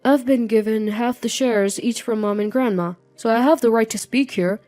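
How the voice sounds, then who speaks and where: A woman voicing a calm, composed young adult son who speaks firmly. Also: on the high side, normal speed, soft background music, natural voice. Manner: calm and firm.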